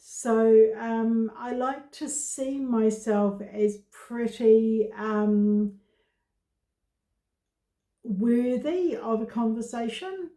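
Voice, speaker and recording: A woman vlogger talking to camera about her own experience, in slow, halting speech with many pauses and fillers. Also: fairly high pitch, dark tone, roomy sound. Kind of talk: casual personal talk to camera.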